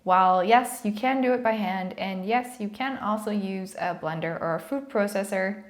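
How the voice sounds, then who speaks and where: A woman's voice: mid-range voice, normal speed. A bubbly, chatty young woman talks through a baking vlog in her home kitchen. Her voice carries the echo of the room. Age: young adult. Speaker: baking vlogger. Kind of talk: casual chat.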